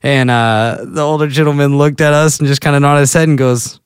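A man's voice: a little high, moderate pace, smooth, no echo, clean studio sound. A man hosting a casual solo podcast, telling loose stories and interrupting himself often. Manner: rambling, self-interrupting storyteller. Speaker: podcast host.

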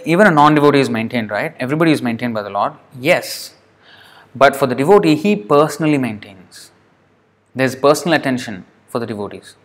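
A man's voice: mid-range voice, fairly bright tone. Man teaching a scripture class. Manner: reads a passage aloud, then explains it with rhetorical questions.

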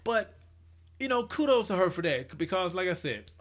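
A man's voice: sits high, big pitch swings, moderate pace. A man giving rambling, casual commentary as he reacts to a photo project, with many restarts and hypotheticals. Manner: acts out quoted people in his voice.

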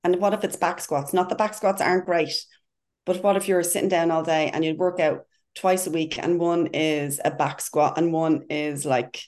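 A woman speaks as a podcast guest in a low voice. She talks with eager, rambling passion, piling one thought on the next. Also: fairly even intonation, moderate pace, a little mellow. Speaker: podcast guest and CrossFit coach. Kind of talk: casual podcast conversation.

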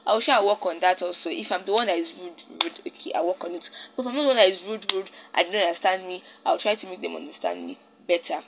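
A woman's voice: lowish voice, quick pace, few pauses, noisy background. A young Nigerian woman hosting a casual solo podcast, rambling and often stopping to search for her words. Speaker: podcast host.

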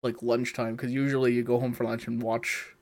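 A man's voice: mid-range voice, flat delivery, a little fast, darkish tone. A man co-hosting a casual podcast, rambling with many fillers and chuckling mid-sentence. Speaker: podcast co-host. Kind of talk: casual chat.

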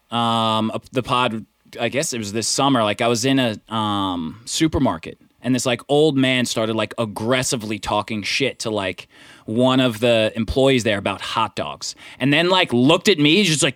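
A man's voice: mid-range voice, normal speed, fairly bright tone, dry recording, clean studio sound. A young man hosting a podcast in casual chat, laid-back and swearing freely, with "bro" and "dude" scattered through his talk. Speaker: podcast host.

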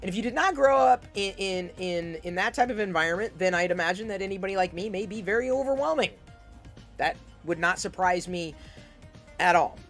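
A woman's voice: medium pitch, a little fast, faint music behind. A woman giving an intense, emphatic advice monologue, often repeating words as she starts a sentence. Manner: loud and projecting.

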